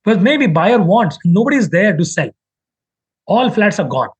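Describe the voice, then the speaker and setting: Animated Indian man teaching a live class. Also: sits high, moderate pace, husky. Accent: Indian English. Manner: animated, acts out buyers and sellers in quoted voices. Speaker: trading teacher. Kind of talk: live online trading class. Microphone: webcam mic on a video call.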